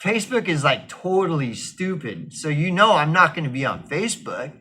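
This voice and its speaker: Man, casual storytelling, rambling, lots of swearing and fillers, bright voice. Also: on the high side, very animated, normal speed, breathy edge. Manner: rambling, profane, full of fillers.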